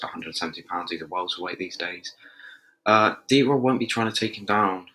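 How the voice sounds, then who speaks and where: A man's voice: fairly low pitch, pushed and bright. A man hosting a casual show, giving fight predictions in a chatty, think-aloud way with loose slang. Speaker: MMA show host.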